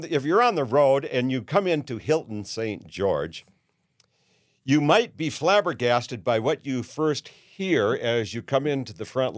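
In a clean, echo-free studio recording, a man in his seventies hosts a podcast and rants bluntly through an opinionated monologue, full of "uh"s and restarts. His voice is medium in pitch.

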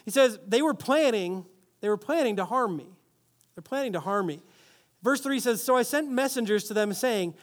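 A man's voice: high voice, a little fast. A man preaching a sermon, reading scripture, leading the congregation in repeating a phrase, and adding playful asides. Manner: animated, playful asides, leads congregation in call-and-response. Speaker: pastor.

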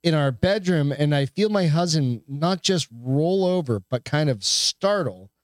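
A man's voice: on the high side, animated, measured pace, no room sound, studio quality. A man co-hosting a casual podcast, swearing freely and stumbling as he reads a news story aloud. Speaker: podcast co-host. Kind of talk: casual chat.

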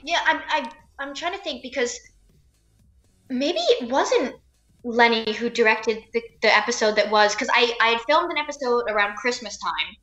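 A woman's voice: fairly high pitch, expressive, normal speed, a bit bright, roomy sound, lo-fi sound, faint music behind. A young actress from New Jersey, chatting in an interview, laughing often and filling her talk with "like" and "um". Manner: chatty, laughing, many fillers like "like" and "um". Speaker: actress guest. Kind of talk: casual interview chat.

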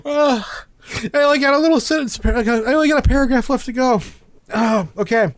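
A man's voice: very high-pitched, brisk, dry recording. A man hosting a podcast, trying to read a story while stifling his laughter. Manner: fighting off laughter while reading. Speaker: podcast host. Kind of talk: casual chat.

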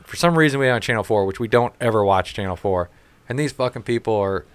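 A man's voice: lowish voice, fast talker, clear, resonant tone, no room sound. Guy just chatting and cussing, acting out everybody in his stories, dead dry room. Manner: profane, animated storytelling with quoted voices. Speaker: storyteller in casual conversation. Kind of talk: casual chat.

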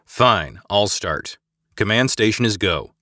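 A man voicing a gruff, wry ship captain giving commands, for an audiobook. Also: on the low side, animated, takes it slowly, pushed and bright, no room sound, clean studio sound, heavily acted. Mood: commanding. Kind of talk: scripted audiobook acting.

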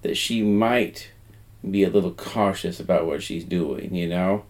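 A man's voice: low voice, unhurried. A man co-hosting a horror movie podcast, chiming in with dry jokes in casual chat. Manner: dry, wisecracking. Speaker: podcast co-host.

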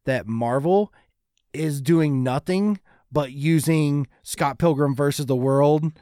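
A man co-hosting a casual podcast chat, listing complaints in a quick, halting way. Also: fairly high pitch, dark tone, no room sound, studio quality. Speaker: podcast co-host.

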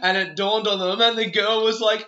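A man's voice: high voice, little pitch movement, normal speed, pushed and bright. A young Australian man with an Australian accent telling a story in a casual, rambling way, laughing often and swearing freely. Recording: echoey room, dull lo-fi sound.

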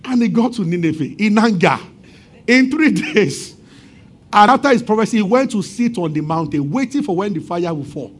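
High-voiced pastor telling stories. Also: male voice, moderate pace, breathy edge. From Nigeria. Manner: animated storytelling, acting out voices and laughing often. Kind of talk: sermon.

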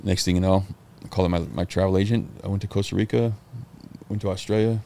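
A man's voice: sits low, fast talker, gravelly, a little hiss or hum. A middle-aged man, a podcast guest, telling stories in casual talk, swearing freely and acting out what people said. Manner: animated, swearing, acts out quotes. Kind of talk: casual storytelling interview.

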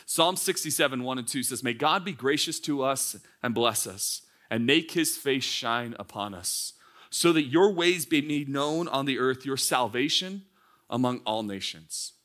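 Thirties male pastor, bright voice, chatty conversational sermon delivery with fillers. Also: medium pitch. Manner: lively, conversational preaching with many fillers and restarts. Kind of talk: sermon to young adults. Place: church service.

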